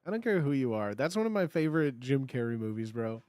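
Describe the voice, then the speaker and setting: A streamer in their thirties from the Chicago area, chatting casually at home in a rambling way with sudden excited bursts. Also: quick pace, dry recording, studio quality. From Chicago area, United States. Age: 30s. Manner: animated, with sudden high bursts when acting out cheering; rambling, many fillers and restarts. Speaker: livestream host. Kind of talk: casual livestream chat.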